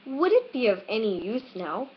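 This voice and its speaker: A woman's voice: fairly high pitch, very animated, moderate pace, a little hiss or hum. A polite, eager little girl from a storybook, voiced by a woman reading aloud. She chatters on earnestly in a raised, girlish voice. The recording is dull and lo-fi, made on a webcam.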